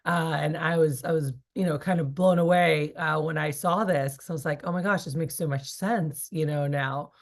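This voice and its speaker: A woman's voice: deep voice, steady tone, moderate pace, creaky, hardly any pauses. A woman in her thirties leading a sales training session, chatty and rambling with many fillers. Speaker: sales team leader. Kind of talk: casual training talk.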